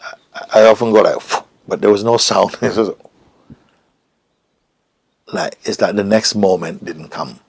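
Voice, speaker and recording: A man's voice: deep voice, a little slow, creaky, pauses often, breathy edge. A middle-aged man recounting a personal story as an interview guest, reflective and hesitant, sometimes dropping to a whisper. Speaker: interview guest, spiritual teacher.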